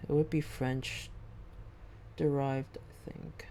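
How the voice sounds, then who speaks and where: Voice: medium pitch, level tone, takes it slowly, creaky, mellow, a little hiss or hum. A game streamer chatting casually on a live stream, rambling and thinking aloud. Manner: rambling, thinks aloud, second-guesses pronunciation.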